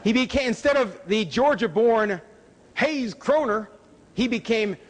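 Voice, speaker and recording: A man giving a public lecture with slides, emphatic, with pitch rising on key words. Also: animated, unhurried. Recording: hall reverb from a lecture room.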